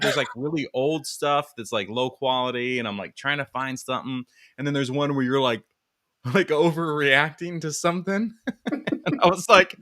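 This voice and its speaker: A man from West Virginia talks casually with a co-host, his voice bright and forceful. He tells stories in a loose, animated way, with plenty of filler words and quick laughs. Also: fairly high pitch. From West Virginia, USA. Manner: animated storytelling, laughs often, lots of "like" fillers. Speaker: podcast co-host. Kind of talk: casual chat.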